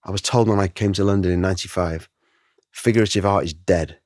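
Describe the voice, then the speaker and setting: A middle-aged man, a guest artist, telling his story in an interview, animated and emotional, acting out the voices he quotes. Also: deep voice, fairly quick, no room sound, studio quality.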